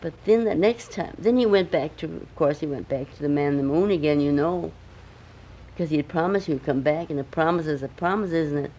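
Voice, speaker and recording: A woman's voice: deep voice, fairly quick, warm tone, highs cut off. An older woman, a grandmother, telling a homemade bedtime story at home with chatty asides to the listening child.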